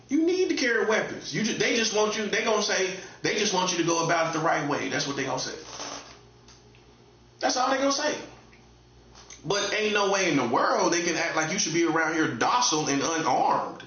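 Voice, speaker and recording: A man speaking as a self-styled prophet in a casual, streetwise monologue. He is blunt and emphatic, repeats his phrases and swings between loud high bursts and low mutters. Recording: echoey room, dull lo-fi sound.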